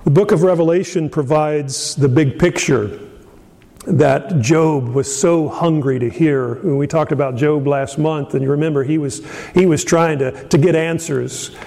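A middle-aged pastor from Indiana preaches a sermon in a friendly, storytelling way. He pauses with fillers and restarts often, and his voice sits a little high. A long reverb from the hall trails after his words. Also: vocal fry, warm tone. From Indiana, USA.

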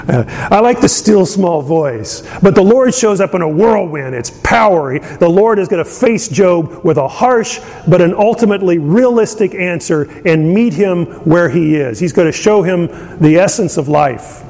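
Gravelly-voiced preacher in a reverberant hall. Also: male voice, lively intonation, normal speed, hardly any pauses, a little mellow. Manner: conversational, chuckles often, many fillers. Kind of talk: sermon. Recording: long hall reverb, faint rumble.

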